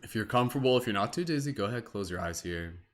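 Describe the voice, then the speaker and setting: A man's voice: fairly low pitch, lively intonation, fast. A young Canadian man hosting a live-streamed guided meditation, chatty and giggly, with many fillers. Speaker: meditation host.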